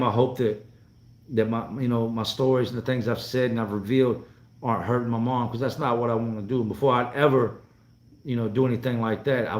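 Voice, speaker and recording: Blunt, roomy-sounding man from North Carolina. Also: medium pitch. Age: 40s. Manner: blunt and profane, loose rambling delivery. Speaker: vlogger hosting a live stream. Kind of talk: casual live-stream chat, reading viewer comments. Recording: roomy echo.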